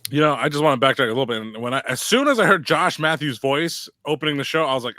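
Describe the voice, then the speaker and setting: A man co-hosting a podcast, giving blunt, mocking opinions in an animated way and laughing easily. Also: on the high side, fast talker, hardly any pauses, no echo. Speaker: podcast co-host. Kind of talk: casual podcast chat.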